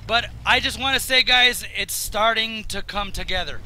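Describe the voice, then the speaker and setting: A man with a high, very bright voice that has gone raw and strained talks through a video game. He rambles and jokes, jumping between excitement and low muttering. A faint hiss sits under the recording. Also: normal speed, low-quality recording. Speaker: gaming commentator. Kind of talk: casual gameplay commentary.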